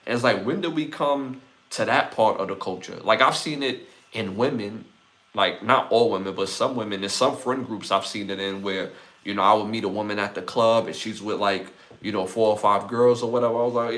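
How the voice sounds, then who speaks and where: A man in his forties hosts a casual solo podcast, reflectively talking through his thoughts in a conversational monologue packed with "like" and "right?". His voice is on the low side and a bit bright, at a normal speed.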